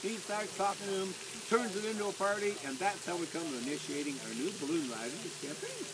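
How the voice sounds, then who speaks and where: Playful high-voiced balloon pilot telling tales. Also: male voice, animated, fast, over a noisy crowd, low-quality recording. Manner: playful, teasing, laughs at his own jokes. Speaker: hot air balloon pilot. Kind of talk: storytelling to passengers.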